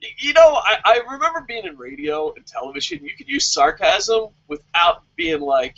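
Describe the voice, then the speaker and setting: Bright-voiced, sarcastic man ranting. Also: high voice, normal speed, hardly any pauses, highs cut off. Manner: animated, sarcastic and profane. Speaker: wrestling vlog host answering viewer questions. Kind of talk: casual opinionated commentary.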